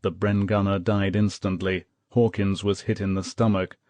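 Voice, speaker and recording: A man narrating a war history audiobook, reading dramatically and calling out the quoted shouts. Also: low-pitched, little pitch movement, moderate pace, dry recording. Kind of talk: scripted narration.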